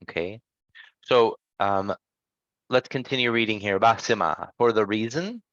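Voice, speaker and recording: A man teaching English pronunciation, patiently correcting students and modelling sounds slowly. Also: lowish voice, a bit bright, no room sound. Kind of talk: online language lesson. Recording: dull, dry lo-fi sound.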